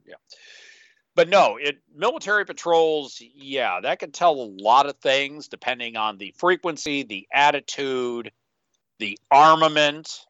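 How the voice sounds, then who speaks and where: Male co-host with a sharp, bright tone; rambles and drops into quick character asides; dull, dry lo-fi sound. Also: mid-range voice, lively intonation, no echo. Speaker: podcast co-host. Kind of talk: casual podcast chat.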